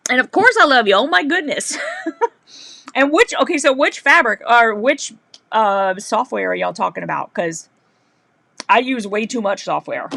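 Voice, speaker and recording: A woman hosting a live sewing stream, telling stories in a chatty, animated way and laughing often. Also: on the high side, moderate pace, gravelly, no echo. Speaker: livestream host, quilter. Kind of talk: casual live-stream chat.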